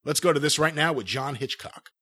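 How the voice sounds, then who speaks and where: A man hosting a podcast, introducing a segment in an upbeat, measured way. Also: on the high side. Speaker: podcast host.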